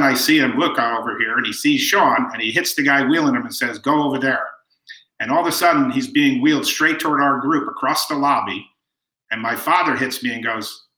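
A man's voice: medium pitch, roomy sound, rough recording. A middle-aged man telling family anecdotes as an interview guest, quoting people as he goes. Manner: warm anecdotal storyteller, quotes people. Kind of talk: storytelling interview.

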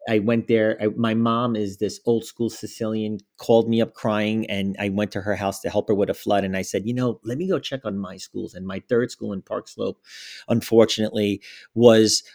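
Animated storytelling man in his forties. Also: fairly low pitch, moderate pace. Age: 40s. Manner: animated storyteller, acts out quotes. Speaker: school director. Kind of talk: podcast interview.

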